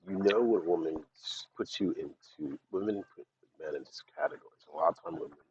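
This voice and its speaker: A man's voice: deep voice, fairly quick, darkish tone, a little hiss or hum. A man talking in a rambling, blunt monologue, swearing often as he vents. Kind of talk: casual ranting monologue. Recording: dull lo-fi recording.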